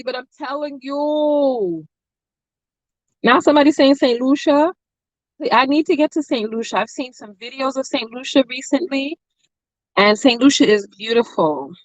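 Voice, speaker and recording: A chatty woman with a fairly high voice hosts a mukbang livestream, talking casually with viewers and drifting into stories. She is close to the mic, and the sound is dry and a little dull. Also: no room sound. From family from Nevis. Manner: chatty, storytelling, playful asides to chat. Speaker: mukbang host. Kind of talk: casual chat with live viewers.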